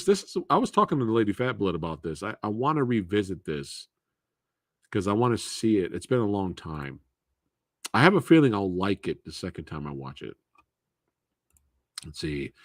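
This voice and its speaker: A man's voice: sits low, a bit bright, no room sound, clean studio sound. A man hosting a live movie Q&A stream, chatting casually, laughing often and swearing freely.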